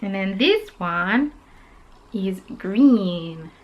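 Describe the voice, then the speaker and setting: Speaking very slowly and in an animated way, this woman has a medium-pitched voice, captured on poor audio. On her craft podcast she shows off her handmade pieces in casual show-and-tell chat, gushing and rambling with frequent ums.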